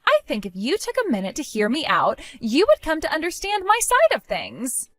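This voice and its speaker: A woman's voice: high voice, huge pitch swings, moderate pace, no room sound, voice pushed up. A woman voicing a spiteful young woman, the groom's sister, who talks in a mocking, dismissive way. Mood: pleading.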